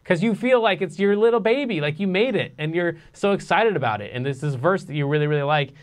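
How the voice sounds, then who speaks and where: A man teaching a casual songwriting lesson, explaining in a relaxed way with lots of fillers. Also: high-pitched, fast talker.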